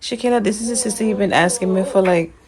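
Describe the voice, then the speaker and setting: A Caribbean woman in her thirties, born in Jamaica and raised in Anguilla, films a casual family vlog at home on a handheld phone. She speaks Caribbean English in a mid-range voice at a quick pace, teasing her family and laughing often, with crowd noise in the background.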